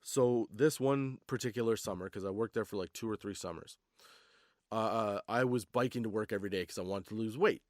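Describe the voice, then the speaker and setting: A man's voice: fairly low pitch, fairly quick, no echo, clean studio sound. Laughing, swearing male podcast host. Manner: laughs often, swears freely. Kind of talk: casual comedic storytelling.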